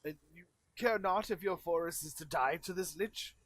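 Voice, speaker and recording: A man's voice: a little high, moderate pace, a bit bright, no echo. A man voicing a formal, earnest male druid envoy who pleads for help.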